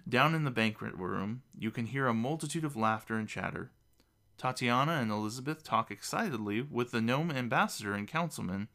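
A man narrating a fantasy storybook in an expressive, lively reading voice. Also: mid-range voice, a little fast.

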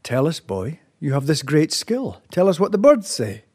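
A man voicing a proud island chief who commands his son and shouts in anger. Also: fairly high pitch, sing-song, normal speed, husky, voice pushed up. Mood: commanding. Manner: commanding, bursts into loud anger. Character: proud, quick-tempered island chief, father.

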